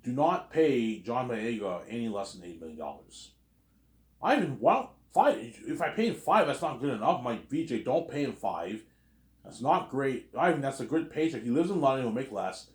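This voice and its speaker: A man's voice: mid-range voice, sing-song, moderate pace. A man acting out an imagined argument by himself, playing every side in an over-dramatic, repetitive way. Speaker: video creator. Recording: roomy echo.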